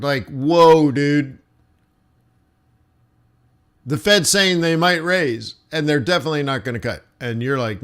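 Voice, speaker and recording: A man hosting live market commentary, talking in an animated, blunt and mocking way. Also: fairly high pitch, takes it slowly, long pauses. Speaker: trading show host.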